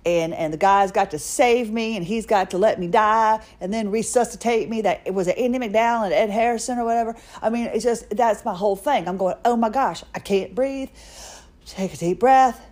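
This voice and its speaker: A woman's voice: mid-range voice, brisk, hardly any pauses, a little mellow. A middle-aged woman hosting a podcast, telling a personal story in a chatty, self-mocking way. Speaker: podcast host. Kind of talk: casual personal monologue.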